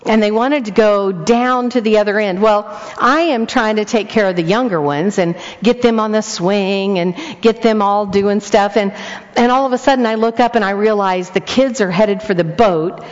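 A woman's voice: mid-range voice, normal speed. An older woman, a grandmother, preaching a storytelling sermon and acting out each voice in it. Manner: animated, acts out the dialogue. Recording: long hall echo, dull lo-fi sound.

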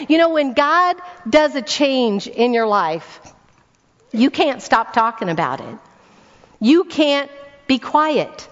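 In a church hall, a woman speaking at a church weekend event preaches to the congregation in a high-pitched voice with big pitch swings and a slow pace. She relies on stories, rhetorical questions to the audience, and repeated words for emphasis, and the recording is dull with echo from the hall.

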